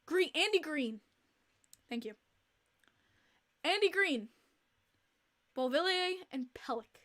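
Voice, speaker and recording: A young woman hosts a casual podcast livestream in a high, bright-pitched voice. She talks in an animated, exasperated way, repeating her points with plenty of fillers. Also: slow pace. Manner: chatty, with many fillers. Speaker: podcast host.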